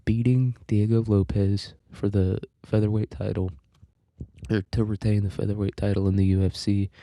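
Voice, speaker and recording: Male podcast host, low, dark and mellow, dry booth sound, loose rambling delivery with fillers. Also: creaky, no echo. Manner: rambling and offhand, crude jokes, frequent fillers and restarts. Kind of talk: casual solo podcast monologue.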